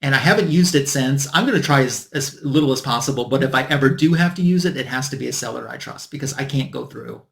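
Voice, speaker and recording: A man's voice: mid-range voice, expressive, fast, creaky, few pauses, fairly bright tone. A man hosting his own comic book channel, telling a story in a casual, exasperated way and acting out what others said to him. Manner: exasperated, retelling a complaint with quoted dialogue.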